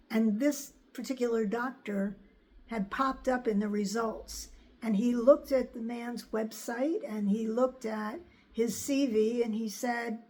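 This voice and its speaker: An older woman from the United States, candidly telling a personal story to her viewers in a chatty way. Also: a little high. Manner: chatty, animated when quoting others. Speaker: vlogger.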